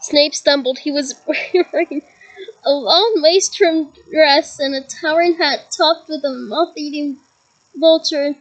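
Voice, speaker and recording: A woman reads a novel aloud to her listeners with a lively touch, chuckling now and then and adding side comments. Her voice sits high. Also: a little slow, rough recording. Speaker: reader.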